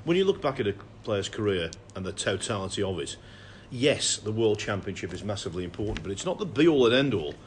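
A man with a low voice and faint background noise. He weighs his words in a podcast discussion and gives measured opinions as a snooker pundit. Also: big pitch swings. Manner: considered, reflective opinions. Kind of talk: casual podcast chat.

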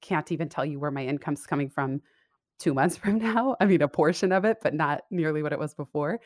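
This guest, a career coach who owns a business, talks over a remote call in a low, brisk, slightly mellow voice with clean studio sound and no room noise. She's candid and reflective, laughing often and frequently backing up to rephrase.

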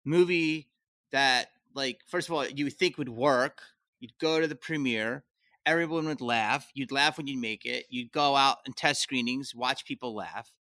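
A man, a comedian guest on a podcast, telling stories in a casual, animated way, swearing and jumping into high-pitched outbursts. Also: no echo, clean studio sound.

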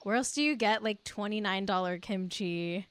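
A woman's voice: medium pitch, moderate pace, clear, resonant tone, no room sound. A young woman co-hosting a casual gossip podcast, playful and mock-solemn. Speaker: podcast co-host. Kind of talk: casual celebrity gossip chat.

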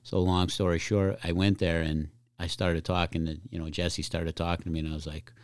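A man's voice: sits low, level tone, fairly quick, clean tone, no echo, studio quality. A man with a Chicago accent, a firefighter guest telling anecdotes with frequent laughs in casual podcast chat. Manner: laughs often, tells anecdotes loosely.

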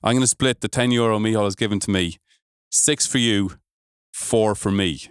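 Male podcast host, playful game-runner, resonant low voice, dry close mic. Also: normal speed, clear, resonant tone, no echo. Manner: jokey, playfully running a game. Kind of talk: casual podcast banter.

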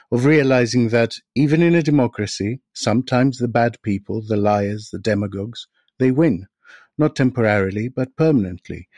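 A man hosting a podcast interview, reading a measured, reflective introduction and then asking articulate questions. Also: medium pitch, a little mellow, dry recording, clean studio sound. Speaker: podcast host.

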